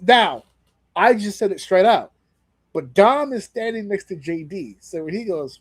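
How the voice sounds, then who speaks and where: A man's voice: sits high, measured pace, breathy edge, no echo. A man co-hosting a podcast in casual chat, telling stories with lots of energy and plenty of swearing. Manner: animated storyteller, swears freely. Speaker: podcast co-host.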